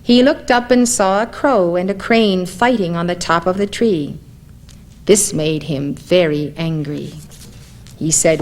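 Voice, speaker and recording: A woman narrating a spiritual story in a calm, measured reading voice. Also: fairly low pitch.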